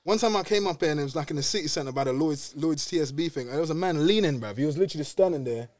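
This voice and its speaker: A young man with a London accent, a podcast guest telling stories in animated, slangy casual chat. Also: fairly high pitch, racing, dry recording.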